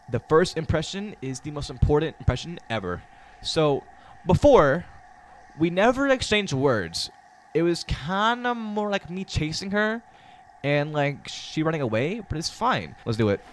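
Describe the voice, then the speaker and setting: A young man rambling and yelling crude jokes while streaming a game. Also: mid-range voice, slight background noise. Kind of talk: gameplay commentary.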